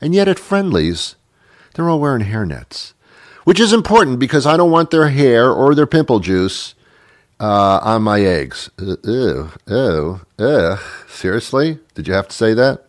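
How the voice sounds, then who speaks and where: A man's voice: medium pitch, very animated, measured pace, no room sound, clean studio sound. A middle-aged man hosting a radio show, delivering a rambling, wry comedic monologue with many restarts. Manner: rambling, self-interrupting, wry.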